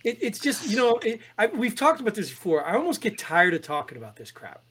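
A man co-hosting a podcast, talking through political headlines in an animated, exasperated way with many restarts. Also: high voice, fast talker, husky. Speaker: podcast co-host reading headlines. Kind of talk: casual political chat.

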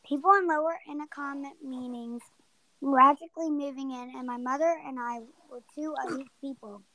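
A woman's voice: sits high, steady tone, moderate pace, pushed and bright, rough recording. A young woman co-hosting a casual podcast, easygoing and teasing, who stumbles a little as she retells a story. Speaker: podcast co-host.

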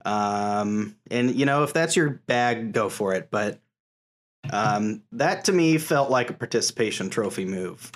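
A man's voice: on the low side, lively intonation, unhurried. A man hosting a casual chat podcast with friends. He talks in a loose, rambling way with frequent laughter and easygoing asides. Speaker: podcast host.

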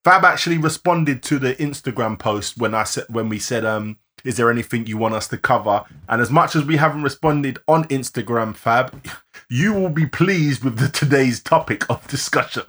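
A man co-hosting a live-streamed podcast, rattling off listener shout-outs and laughing often. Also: medium pitch, expressive, moderate pace. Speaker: podcast co-host.

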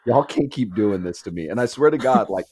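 Slightly fast and animated, this man co-hosts a casual podcast chat, telling a story full of "like" and "and whatnot." He laughs and performs quotes with big pitch leaps, and a bit of hiss or hum sits under the recording.

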